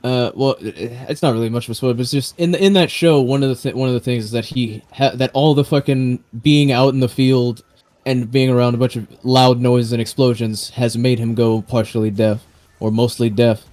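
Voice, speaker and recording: A man's voice: mid-range voice, steady tone, brisk, darkish tone. A man hosting a stream, chatting casually and rambling about comic films with lots of restarts and swearing. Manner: rambling, profane, many restarts. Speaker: stream host. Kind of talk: casual chat.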